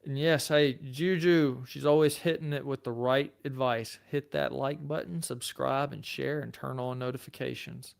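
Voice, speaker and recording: Southern-accented man with a gravelly yet smooth voice. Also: mid-range voice, normal speed, hardly any pauses. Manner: relaxed, chatty, self-deprecating. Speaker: lawyer and channel host. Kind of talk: casual livestream chat reading comments.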